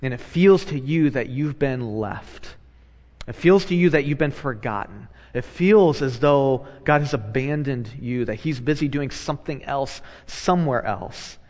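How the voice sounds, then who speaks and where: A man, a pastor, preaching a sermon in a conversational way, moving between hushed and loud animated passages and repeating phrases for emphasis. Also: mid-range voice, a little slow, big-room sound.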